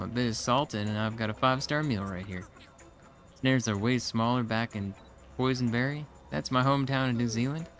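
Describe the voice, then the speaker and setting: A man's voice: mid-range voice, fairly bright tone, lightly acted. A man reading a chummy beach-bum game character. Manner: casual, chummy, calls everyone bro. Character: hungry homeless male NPC stuck on a beach. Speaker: video game character read aloud.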